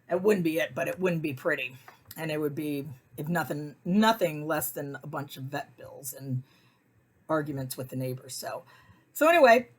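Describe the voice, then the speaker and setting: A middle-aged woman telling personal stories in a casual, chatty way, often acting out what people said in high voices. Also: husky. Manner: chatty, animated, acts out quotes in high voices. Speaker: weekly message host.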